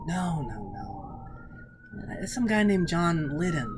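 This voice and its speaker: A man's voice: high-pitched, slow pace, noisy background. A man who owns a record store, telling rambling stories in a casual interview and acting out what people said with laughter. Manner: rambling, animated, acts out quoted dialogue with laughs.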